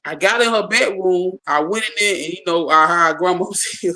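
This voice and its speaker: An animated speaker tells a personal story in casual talk, with a gravelly edge and a bright, forceful tone. The speaker keeps repeating and restarting words while acting out each exchange for listeners. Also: medium pitch, normal speed, hardly any pauses, low-quality recording.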